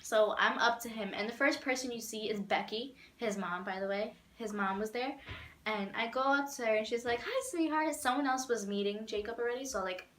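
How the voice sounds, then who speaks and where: A woman's voice: a little high, brisk, echoey room, slight background noise. A young woman vlogger telling a long, rambling fan story in casual chat, full of "like" and acted-out quotes. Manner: rambling, animated, many "like"s and laughs.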